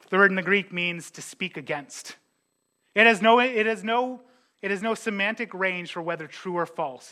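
A man preaching as a pastor, animated, with joking asides and quick impressions of his congregants. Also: on the high side. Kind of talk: sermon.

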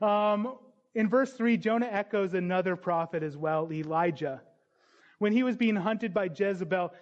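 A man's voice: on the high side, lo-fi sound. A man preaching a sermon as pastor, earnest and building to emphatic questions.

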